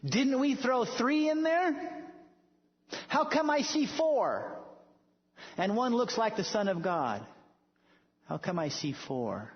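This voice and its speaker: A man's voice: extremely high pitch, big pitch swings, takes it slowly, pauses often, voice pushed up, exaggerated voice. A male preacher voicing an astonished, proud ancient king who demands answers from his guards. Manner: loud, bewildered questioning. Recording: echoey hall, dull lo-fi sound.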